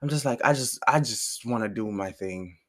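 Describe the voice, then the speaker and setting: A man's voice: mid-range voice, normal speed. Annoyed young man ranting a storytime. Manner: annoyed, swearing, retells arguments with quoted lines. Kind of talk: casual storytime rant.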